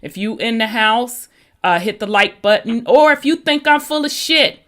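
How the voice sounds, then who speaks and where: A woman's voice: on the high side, expressive, moderate pace, fairly bright tone. A woman hosting a casual live-stream talk show, loose and folksy as she talks up her audience. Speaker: host.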